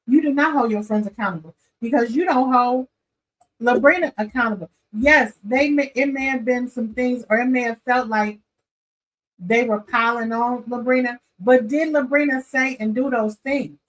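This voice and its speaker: A woman, chatting casually as she recaps a reality show, animated and opinionated, talking straight to her viewers. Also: fairly high pitch, rough recording. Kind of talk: casual chat.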